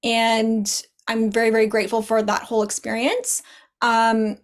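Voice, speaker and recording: A woman guest on a podcast, a spiritual teacher talking earnestly in casual chat, in quick bursts. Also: on the high side, little pitch movement.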